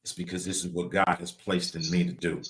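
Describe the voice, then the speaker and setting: A man's voice: low voice, fairly even intonation, brisk, a bit bright, poor audio. Southern man preaching on a podcast. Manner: repetitive, preacher-like cadence. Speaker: podcast co-host. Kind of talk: preaching-style live podcast chat.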